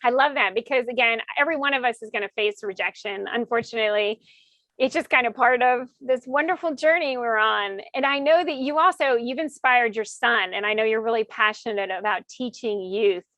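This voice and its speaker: A woman's voice: on the high side, brisk, bright, forceful tone, no echo. A woman in her fifties hosting a podcast, speaking in an earnest, reflective way. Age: 50s. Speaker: podcast host. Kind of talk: interview conversation.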